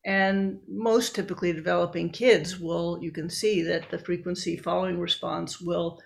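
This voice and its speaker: A woman's voice: fairly low pitch, steady tone, normal speed, gravelly. A woman researcher and book author explaining her work step by step in an interview.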